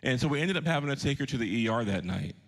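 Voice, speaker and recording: A man's voice: medium pitch, expressive, quick pace. A man in his thirties, a pastor preaching a sermon, telling a personal story with earnest emphasis and putting questions to his congregation. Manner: earnest, shifting pace for emphasis.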